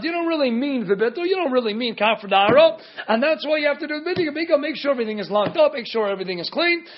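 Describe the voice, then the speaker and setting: Male Torah teacher, very high-pitched, rhetorical question-and-answer lecture style, muffled lo-fi sound. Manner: mixes Hebrew and Aramaic terms into English. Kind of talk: Talmud lecture.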